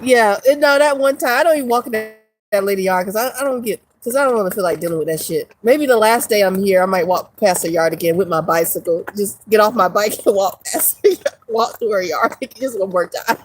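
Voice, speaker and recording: A woman's voice: medium pitch, a little fast, a little hiss or hum, poor audio. A woman vlogger ranting casually to her viewers, profane and rambling, laughing often. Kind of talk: casual rant to camera.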